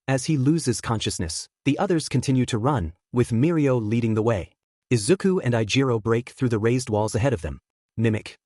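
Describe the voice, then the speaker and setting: A man reading fan fiction aloud as a narrator, with lively storytelling intonation. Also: medium pitch, moderate pace, no room sound, studio quality.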